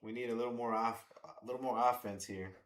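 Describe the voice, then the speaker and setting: An excitable fan commentator from Long Island, New York, calls a baseball game on a casual livestream. His medium-pitched voice moves fairly quickly as he chats, cheers players on, and swears now and then.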